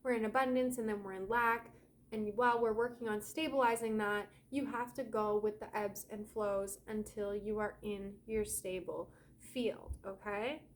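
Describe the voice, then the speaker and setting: A woman's voice: mid-range voice, steady tone, moderate pace, a little hiss or hum. A woman giving a casual, rambling spiritual energy update as a yoga teacher and oracle card reader, talking straight to her viewers. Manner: chatty and rambling, addresses viewers as guys.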